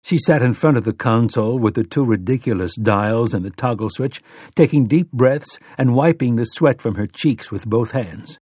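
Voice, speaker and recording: A man narrating an audiobook with steady, dramatic storytelling. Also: mid-range voice, moderate pace, husky, no echo, clean studio sound. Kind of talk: scripted narration.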